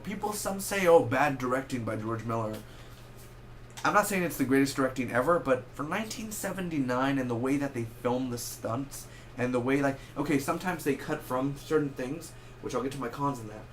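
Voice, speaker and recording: With a medium-pitched voice and a little background noise, this young man talks through a movie review casually. He's animated and rambling, correcting himself and tossing in quick asides.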